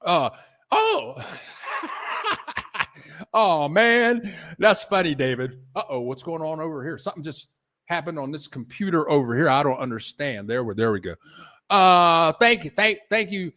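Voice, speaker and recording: A man hosting a casual livestream, rambling in a halting, repetitive way, thanking viewers and restarting his sentences as he chats from his computer at home. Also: a little high, animated, sharp tone. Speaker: livestream host reading viewer donations.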